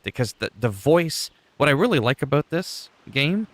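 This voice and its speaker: A man streaming a game, chatting casually and rambling as he thinks out loud. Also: on the high side, very animated, moderate pace. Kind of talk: casual gameplay chat.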